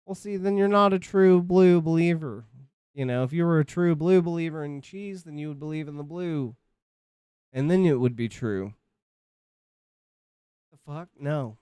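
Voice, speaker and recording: A man's voice: a little high, moderate pace, long pauses, a little mellow, clean tone, dry recording. Rambling, foul-mouthed man streaming from home. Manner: rambling, profane, self-interrupting. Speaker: livestreamer. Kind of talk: casual stream chat.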